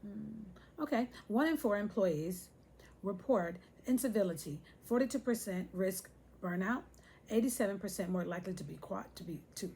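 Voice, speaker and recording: A woman's voice: medium pitch, lively intonation, normal speed, gravelly, dark tone, breathy edge. A woman hosting a casual talk to her viewers, chatty and playful, speaking to them directly. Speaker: host.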